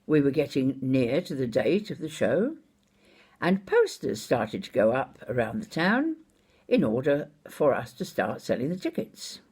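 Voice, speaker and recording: An older Scottish woman telling a personal anecdote in an unhurried, wry and expressive way. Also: very deep voice, husky. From Scotland. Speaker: storyteller.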